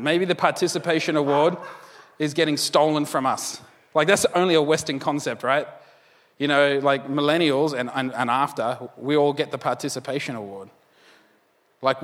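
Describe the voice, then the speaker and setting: A man delivers a sermon in a loose, conversational way, dropping in jokes as he goes. His voice sits a little high for a man. It rings out with the long reverb of a large hall. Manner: conversational, joking asides with laughs. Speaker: pastor.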